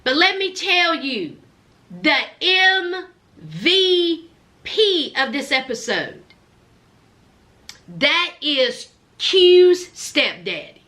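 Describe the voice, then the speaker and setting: A woman's voice: very high-pitched, very slow, long pauses. A woman recapping a reality TV show in casual, chatty commentary, gushing and acting out what people said. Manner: animated storyteller who acts out quotes; chatty and gushing, with many fillers.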